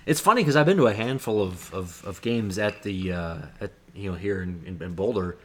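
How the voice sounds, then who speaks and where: A man with a fairly low voice on a relaxed sports podcast, often stalling and restarting as he tries to recall names. His talk is loose and easygoing, full of half-finished thoughts. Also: a little fast, slight background noise. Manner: hesitant, searches for names, trails off. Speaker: podcast co-host. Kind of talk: casual sports chat.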